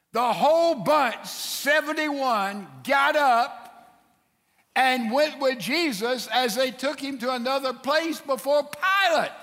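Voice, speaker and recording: A man preaching a sermon in a high, bright, forceful voice. He tells the story with animation and acts out its characters. His voice rings with the long reverb of a church hall.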